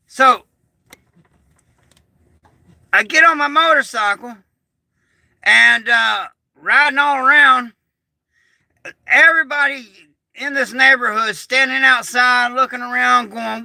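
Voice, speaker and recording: A man telling a rambling, excitable story on a casual livestream, swearing and restarting often. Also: very high-pitched, measured pace, creaky, pauses often, no room sound. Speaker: prepper vlogger. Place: small shed turned bunker.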